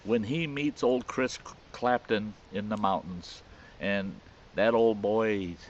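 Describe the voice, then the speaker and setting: A man's voice: lowish voice, slow pace. A man telling a rambling, folksy story about an old friend in a casual spoken style. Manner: folksy, rambling, with restarts and chuckles. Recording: slightly muffled recording with faint hiss.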